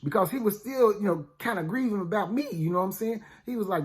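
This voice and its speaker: A storyteller for a ministry, a man with a high voice retells a Bible story in first person at a quick pace with lively intonation. His telling is chatty and slangy, packed with asides to listeners like "you know what I'm saying."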